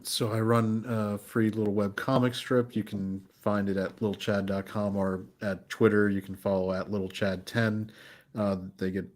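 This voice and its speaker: Homem de voz grave e monótona. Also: male voice, fairly low pitch, level tone, unhurried, darkish tone. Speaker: podcast guest, web comic artist. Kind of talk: casual self-introduction.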